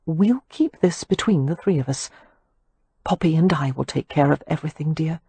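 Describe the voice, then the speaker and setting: A woman's voice: deep voice, moderate pace, mellow, husky, dry recording, exaggerated voice. Woman doing a protective eldest sister, firm, take-charge, proud, audiobook.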